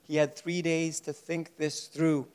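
High-voiced male preacher, animated, plays out the story's lines. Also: a little slow, clear, resonant tone. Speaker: pastor. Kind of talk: sermon.

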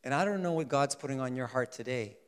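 A man preaching a sermon in an animated way, swinging between loud emphasis and soft asides. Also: medium pitch, fast talker, clear, resonant tone. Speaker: pastor. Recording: long hall reverb.

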